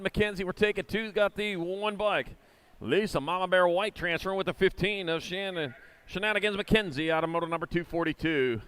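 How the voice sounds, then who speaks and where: A man's voice: high-pitched, a bit bright, clear, resonant tone. A man announcing live BMX races in an indoor arena, rattling off rider names and moto numbers with corny jokes between heats. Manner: rapid-fire rider call-outs with corny jokes. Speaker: race announcer. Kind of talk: live race commentary.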